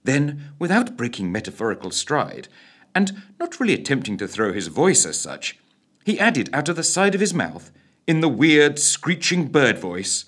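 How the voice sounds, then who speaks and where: A man's voice: fairly high pitch, big pitch swings, moderate pace, fairly bright tone, husky. A man, reading a radio story in a theatrical, droll narration.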